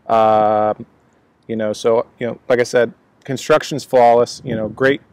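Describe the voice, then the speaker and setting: A man's voice: mid-range voice, fairly even intonation, a little slow, darkish tone, a little hiss or hum. A man casually reviewing a cigar outdoors, rambling with many fillers and restarts. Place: outdoors at a laptop, breezy day.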